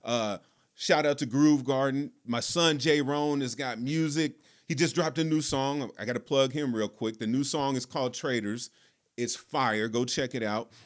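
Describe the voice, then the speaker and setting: A man hosting a podcast, telling a personal story in a relaxed, conversational way. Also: medium pitch, moderate pace. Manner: relaxed, conversational, lots of fillers. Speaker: podcast host. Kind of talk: casual storytelling.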